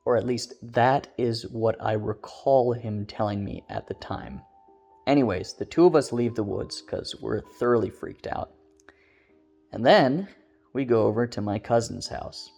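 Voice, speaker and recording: A man's voice: fairly low pitch, measured pace, vocal fry, darkish tone, faint music behind. A man telling an eerie first-person story in a casual, rambling way, full of filler words. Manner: rambling, loose, many "like" fillers.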